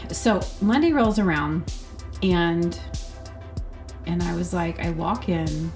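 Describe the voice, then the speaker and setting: A woman host with a somewhat low voice chats through a long personal story. She stacks up filler words and stops to act out what others said. Faint music plays underneath. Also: slow. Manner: chatty, filler-heavy with lots of "like"; animated, acts out quoted people. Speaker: podcast host. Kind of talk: casual rambling storytelling.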